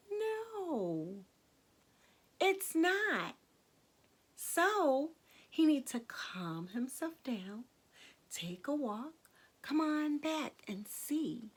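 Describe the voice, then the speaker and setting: Lively woman reading a picture book. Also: on the high side, slightly rough. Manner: animated, asks the listening children questions. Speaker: children's storyteller and teacher. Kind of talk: picture book read-aloud.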